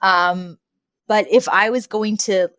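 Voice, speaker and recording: A woman's voice: medium pitch, slow, no room sound. Rambling woman co-host, dry close sound. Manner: rambling and animated, laughs often. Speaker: podcast co-host. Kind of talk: casual podcast chat.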